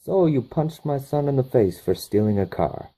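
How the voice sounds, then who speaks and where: A man voicing a stern, middle-aged male mob boss who talks slowly and with menace. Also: medium pitch, animated, dark tone, pitched above the performer's own voice, lightly acted.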